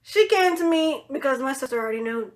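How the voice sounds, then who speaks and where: A woman telling a personal story in a casual, rambling way, blunt and swearing freely, with lots of "you know" and "like", often trailing off into a low murmur. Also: expressive, brisk, a little hiss or hum. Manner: drops to low murmurs at the end of phrases.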